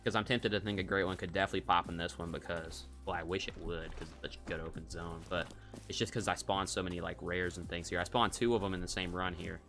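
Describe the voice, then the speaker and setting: A man's voice: deep voice, fairly even intonation, fast talker, music in the background. A man streaming a hunting game, giving casual, rambling commentary and cracking jokes as he thinks aloud.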